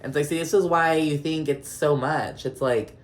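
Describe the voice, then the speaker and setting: A young man with a fairly high, steady voice hosts a casual vlog recapping a reality TV show at a moderate pace. He chats loosely, swears freely, and keeps dropping into mocking impressions of the cast.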